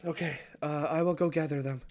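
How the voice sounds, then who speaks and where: A man's voice: a little high, fairly even intonation, brisk, darkish tone, voice pushed up, lightly acted. A man voicing a young elven woman and mother who sounds anxious and pleading.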